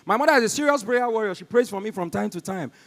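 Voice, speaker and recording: Nigerian man, stand-up comedian, high voice, reverberant concert hall. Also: expressive, quick pace, a bit bright. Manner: storytelling, talks to the crowd. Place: concert stage in a large hall.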